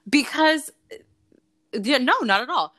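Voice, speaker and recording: Woman in her 40s, pretty low voice, super candid and swears a lot, dry close sound. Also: unhurried, a bit bright, dry recording. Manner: candid, frank and profane, with frequent laughs and fillers. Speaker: guest. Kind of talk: casual interview storytelling.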